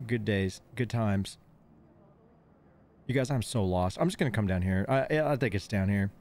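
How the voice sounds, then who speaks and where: A man with a lowish, slightly mellow voice gives live commentary while streaming a game, talking at a moderate pace. Fresh from dental work and on painkillers, he lisps a little through his missing front teeth and rambles, giggling and getting easily sidetracked.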